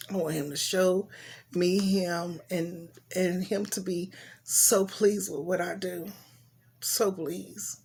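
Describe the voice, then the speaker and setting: A woman's voice: lowish voice, gravelly, darkish tone, breathy edge. A woman giving an earnest, heartfelt devotional reflection and reading scripture aloud, often repeating her phrases. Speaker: Bible reader.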